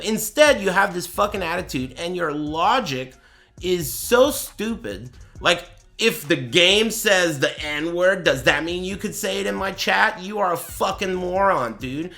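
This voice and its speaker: A male streamer talking to his chat through a desk mic, animated and profane. His voice sits a little high and leaps around, and it has a bright, sharp edge as he mocks and jokes. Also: unhurried, creaky. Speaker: streamer reacting to a tournament. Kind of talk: casual livestream rant.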